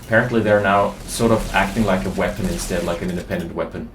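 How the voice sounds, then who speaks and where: Man, game caster, excitable, thinking aloud, lower voice, echoey room. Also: fast, faint music behind. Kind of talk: live game commentary.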